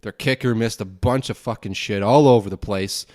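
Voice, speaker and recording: A man's voice: on the low side, moderate pace, a little mellow. A young man hosting his own podcast alone, ranting angrily with plenty of swearing and rambling asides. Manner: angry, profane, rambling rant. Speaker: podcast host.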